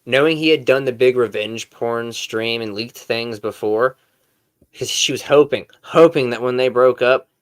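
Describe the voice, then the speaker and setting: A man's voice: medium pitch, moderate pace. A man streamer giving reaction commentary, explaining to chat with dry, sarcastic asides.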